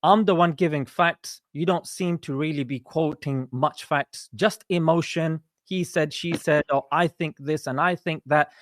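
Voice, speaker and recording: A man's voice: a little high, unhurried, hardly any pauses, dry recording, studio quality. A young man in a heated live audio debate who rattles off statistics and keeps saying "mate". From Britain.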